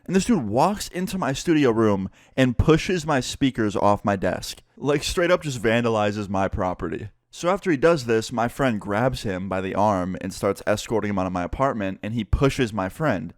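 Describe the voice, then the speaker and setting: A young man telling a story in a casual, profane and animated vlog style. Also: on the low side, normal speed, few pauses, no echo, clean studio sound. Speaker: vlogger and musician.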